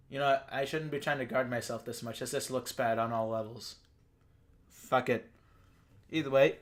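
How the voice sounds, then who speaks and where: A man's voice: mid-range voice, a bit bright. A young man from Texas, ranting casually and profanely as a YouTube commentator. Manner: rambling, profane, self-deprecating.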